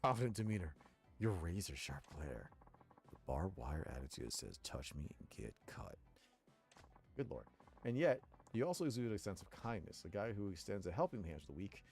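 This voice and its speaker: Casting: meek punk singer, male, earnest and pleading, a bit low and lively in pitch, read by a man doing game lines over faint game music. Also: normal speed, gravelly, heavily acted. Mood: admiring. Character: polite timid male punk band singer. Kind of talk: reading game dialogue aloud.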